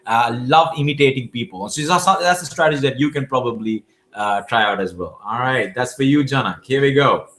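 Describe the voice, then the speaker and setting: A man's voice: mid-range voice, a little fast, few pauses, a bit bright. A man from Asia, answering viewer questions in a live Q&A, giving emphatic coaching advice and often restarting his words. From South Asia. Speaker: public speaking champion answering viewer questions.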